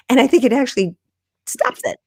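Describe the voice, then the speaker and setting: A woman's voice: a little high, lively intonation, normal speed, warm tone, breathy edge, dry recording, studio quality. A woman guest coaching about video, talking in a casual, encouraging way on a video call. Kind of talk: casual live interview chat. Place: room at home.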